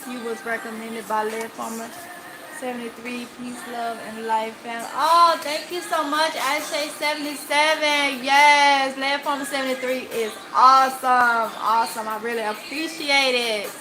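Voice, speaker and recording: A woman's voice: sits high, fairly even intonation, a little slow, background noise. A woman with a Mississippi accent hosting a livestream, reading viewer comments aloud in a chatty way and laughing easily. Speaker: channel host.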